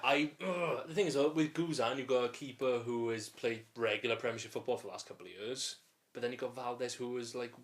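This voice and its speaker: A man's voice: mid-range voice, brisk. A British man co-hosting a casual football podcast, chatty and jokey, steering the talk from club to club. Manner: chatty, jokey, leads the segments. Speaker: podcast co-host.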